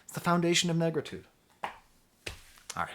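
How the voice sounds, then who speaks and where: A man's voice: fairly high pitch, big pitch swings, fairly bright tone, slight background noise. Impassioned man reviewing a record. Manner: impassioned, emphatic, quick to laugh; talks straight to the viewer, teacherly asides. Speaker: music reviewer hosting his own channel. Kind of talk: casual record review monologue.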